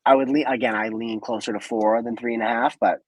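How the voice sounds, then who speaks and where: A man co-hosting a podcast, giving measured opinions on a film in casual chat. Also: mid-range voice, steady tone, no echo, poor audio. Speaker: podcast co-host.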